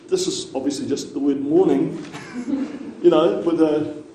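A man's voice: a little high, a little slow, dark tone, slight background noise. A man teaching a language class, patiently repeating words for the students to echo. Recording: echoey room, mic far off.

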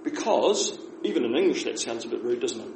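A man with a New Zealand accent, teaching beginner Māori phrases in a relaxed class, explaining slowly and repeating words for his learners. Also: mid-range voice. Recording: echoey room with faint noise.

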